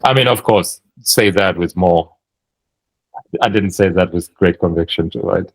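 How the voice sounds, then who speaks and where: A man with a German accent talks through sales-call advice in an easygoing chat. His voice sits fairly low, and he thinks aloud, often restarting his sentences. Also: measured pace, rough recording. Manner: thinking aloud, many restarts and hedging fillers. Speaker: sales coach. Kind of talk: casual coaching chat.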